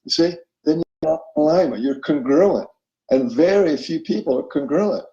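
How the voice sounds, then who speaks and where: A man appears as an interview guest explaining spiritual self-help ideas, acting out inner voices and often checking in with his listener. His pitch is fairly high and his tone dark, with lively intonation at a moderate pace, and the recording is roomy and muffled.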